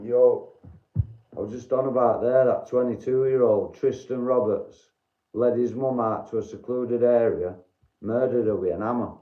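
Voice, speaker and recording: A man's voice: mid-range voice, steady tone, normal speed, highs cut off. Blunt Yorkshire man in a roomy stream. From Doncaster, Yorkshire, England. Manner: blunt, swears freely, chats to viewers by name. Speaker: livestream host. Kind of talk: casual livestream chat with viewers.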